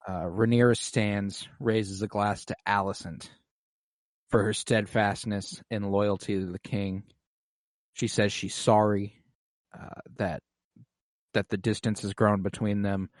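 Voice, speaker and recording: A man's voice: fairly low pitch, level tone, a little slow, no room sound, studio quality. A man co-hosting a podcast, chatting casually and profanely as he recaps a TV episode. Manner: profane, loose, acts out characters in quotes. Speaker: podcast co-host.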